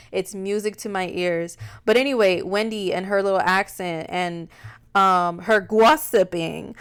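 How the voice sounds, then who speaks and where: Lady rambling casual astrology talk, smooth clean voice, middle pitch, lots of slang and cussing. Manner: chatty, slangy, swears and laughs freely. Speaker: astrologer, channel host. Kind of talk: casual monologue.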